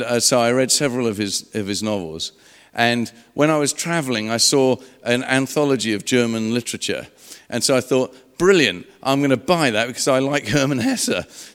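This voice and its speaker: A man's voice: mid-range voice, moderate pace, fairly bright tone, clean tone. Man preaching in a reverberant hall. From England. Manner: conversational storytelling with restarts. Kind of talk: sermon testimony. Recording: long reverb of a large hall.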